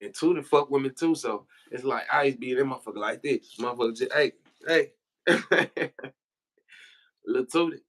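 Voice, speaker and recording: A man's voice: mid-range voice, normal speed, fairly bright tone, low-quality recording. A man from Memphis, telling loose, profane stories on a livestream and laughing as he goes. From Memphis, Tennessee. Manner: profane, laughing, slangy storyteller. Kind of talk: casual storytelling on a livestream.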